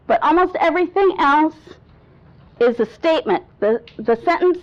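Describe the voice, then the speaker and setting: High-pitched woman coach talking to a room, lively, acts stuff out, kinda dull lo-fi sound. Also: moderate pace. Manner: lively, demonstrates voice examples, laughs often. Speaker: speaking coach. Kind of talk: workshop talk to an audience. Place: room with a live audience.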